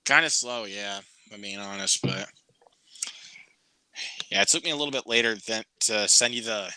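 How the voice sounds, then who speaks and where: A man's voice: lowish voice, normal speed, bright, forceful tone, a little hiss or hum, rough recording. A man hosting a casual live Q&A and chatting in a laid-back, talkative way with his guests. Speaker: show host.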